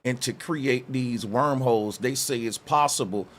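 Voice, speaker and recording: A man's voice: medium pitch, unhurried. Laid-back male podcast host. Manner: laid-back, many affirming interjections. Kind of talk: casual podcast chat.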